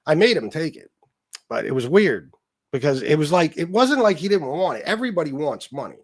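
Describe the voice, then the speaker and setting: A man's voice: a little high, very animated, fairly quick, no echo, clean studio sound. A man hosting a livestream, ranting bluntly with lots of swearing and rambling asides. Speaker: livestream host. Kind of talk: casual livestream rant.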